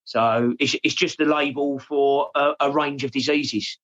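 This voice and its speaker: An English man in his forties, talking openly and haltingly in an interview, often repeating his words and saying "mate". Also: medium pitch, fairly even intonation, a bit bright, lo-fi sound. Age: 40s. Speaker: podcast guest. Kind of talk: emotional personal interview.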